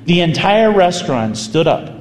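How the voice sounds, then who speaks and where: A man, a priest, telling a story in a sermon with animated, vivid delivery. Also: sits high, moderate pace. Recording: echoey hall, faint ambience.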